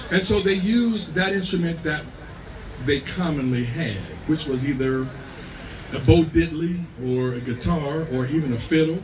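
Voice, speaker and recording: A man's voice: a little high, far from the mic. A man giving a live talk on music history, explaining patiently, checking in with the audience and humming rhythms to show them. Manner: sings and hums rhythms to demonstrate. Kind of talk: live performance with spoken music lecture. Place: performance venue with live audience.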